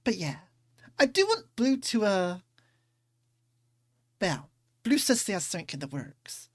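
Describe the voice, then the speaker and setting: A woman's voice: mid-range voice, sing-song, a little slow, dry recording. A woman streamer chatting casually as she plays, rambling a little with fillers. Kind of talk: casual gaming stream commentary.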